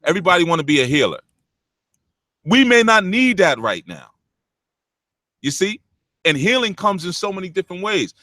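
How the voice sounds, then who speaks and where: A man with a deep, punchy voice, preaching blunt spiritual talk to callers on his show, animated and swearing freely. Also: normal speed, long pauses, dry recording. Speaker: spiritual teacher hosting a call-in show.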